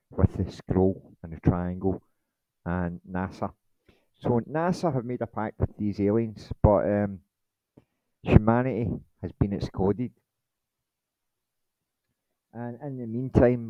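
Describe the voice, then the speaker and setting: A man's voice: on the low side, smooth, no room sound, highs cut off. A man hosting his channel in a rambling late-night monologue, blunt and swearing, with many ums. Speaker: channel host.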